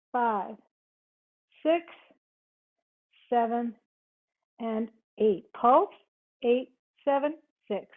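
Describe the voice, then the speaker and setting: A woman yoga instructor cueing a live online class, counting reps, giving short cues and chatting with students. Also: a little high. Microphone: video call. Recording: tinny video-call audio.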